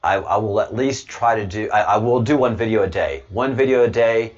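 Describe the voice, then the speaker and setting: A man's voice: fairly low pitch, a little fast, lo-fi sound. A man hosting a casual livestream, rambling to his chat and stammering over repeated words with frequent chuckles. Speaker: livestream host reading chat.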